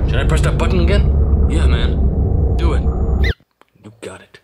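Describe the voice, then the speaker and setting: Excited guy hosting a toy video, high bouncy voice, music under him. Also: normal speed, pauses often, very noisy. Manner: excitable, hyped, talks to viewers. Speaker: video host. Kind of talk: excited toy skit commentary.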